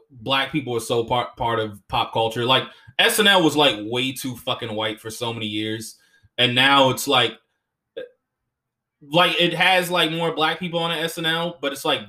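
A young man hosting a podcast, telling stories in an animated way, swearing often and slipping into voices. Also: mid-range voice. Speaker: podcast host and comedian. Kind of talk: casual chat.

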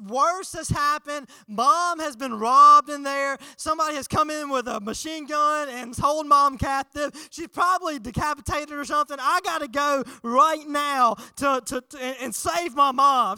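A young man preaching a sermon, telling a childhood story in an animated way and acting out the voices. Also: extremely high pitch, clean tone, no echo. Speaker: pastor.

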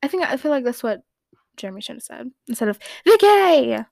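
A woman's voice: fairly high pitch, quick pace, vocal fry, a little mellow, no room sound. A woman with a slightly raised voice hosts a casual fan recap podcast, rambling along in a giggly, playfully opinionated way. Her voice sits close and dry on the mic. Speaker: podcast host.

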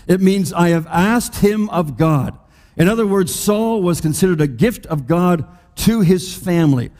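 A man preaching a sermon as pastor, talking conversationally and slowing down to stress the scripture he quotes. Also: high-pitched, lively intonation, a little mellow. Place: church hall. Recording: long reverb of a large hall.

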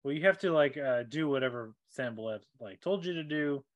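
A man narrating as game master in a tabletop game, in a relaxed, halting way. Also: mid-range voice, dry recording.

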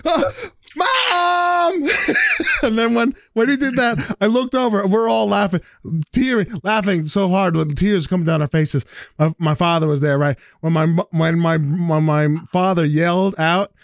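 A man's voice: high voice, steady tone, normal speed, gravelly, hardly any pauses, no room sound. A young man hosting a podcast, rambling through a funny story with many restarts and laughs. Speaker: podcast host. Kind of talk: casual chat, telling a funny story.

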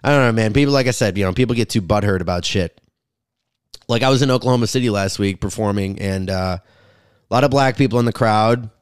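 A man's voice: fairly low pitch, brisk, clear, resonant tone, no echo, studio quality. A comedian rambling crudely through a casual podcast monologue, recorded in his garage. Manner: rambling, crude, self-interrupting. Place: home garage.

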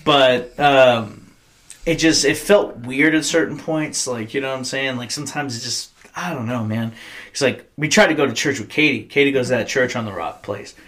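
A man's voice: medium pitch, moderate pace, a bit bright. A young adult man, a podcast host telling blunt, profanity-laced stories in casual chat.

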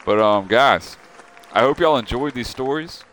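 A man's voice: medium pitch, lively intonation, unhurried, fairly bright tone, a faint crowd. Young man joking in casual banter. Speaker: podcast co-host. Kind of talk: casual chat.

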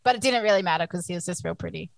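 A woman's voice: lowish voice, racing, vocal fry, dry recording. A young woman telling frank, chatty stories as a podcast co-host, with lots of fillers. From Australia. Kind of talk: casual chat.

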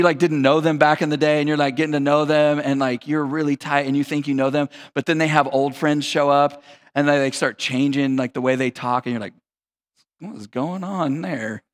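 Pastor, male, high voice, relaxed slangy sermon delivery. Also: long reverb tail. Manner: casual, conversational, slangy preaching.

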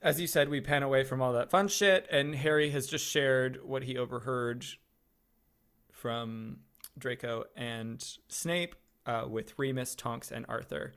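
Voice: mid-range voice, measured pace, fairly bright tone. A podcast co-host in casual chat, sarcastic and profane, recapping scenes.

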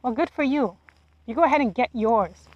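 A woman talking alone into the mic in a blunt, profane rant full of rhetorical questions. Her voice sits a little high. The recording is dull and lo-fi, with a dry sound and no room echo. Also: expressive, moderate pace, a little mellow. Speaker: podcast host. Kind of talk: solo monologue rant.

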